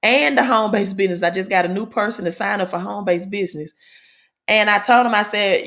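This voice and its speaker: A woman's voice: mid-range voice, a bit bright. Chatty Southern woman livestreaming. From Mississippi, American South. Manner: chatty, repeats herself, tags sentences with "right?"; reads news aloud haltingly. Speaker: livestream host on crypto and money. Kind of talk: casual livestream talk.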